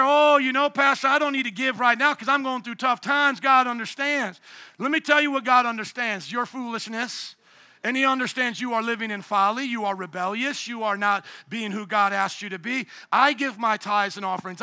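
A middle-aged man preaching a sermon as pastor, lively and acting out the people he quotes. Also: very high-pitched, no room sound.

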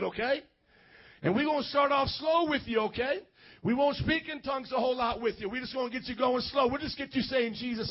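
A man preaching a charismatic sermon as pastor, fervent, swinging from shouting to quiet and calling on the congregation to respond. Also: very high voice, breathy edge, muffled recording.

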